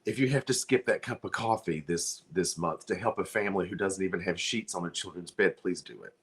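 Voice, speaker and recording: A man's voice: deep voice, lively intonation, brisk. A man hosting a livestream, making an earnest, pleading charity appeal while fighting back tears. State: close to crying. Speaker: livestream host.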